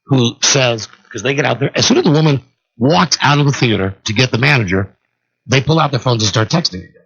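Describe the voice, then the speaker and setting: A male talk radio host telling a long story solo, animated and acting out the people in it, on a dull lo-fi radio broadcast. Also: mid-range voice, a little fast, gravelly, husky.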